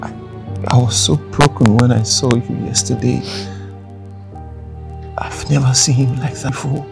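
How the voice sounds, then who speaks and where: A man's voice: medium pitch, fairly even intonation, measured pace. An actor playing a remorseful husband who pleads, often in a whisper, for his wife's forgiveness. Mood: pleading. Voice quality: creaky. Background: music.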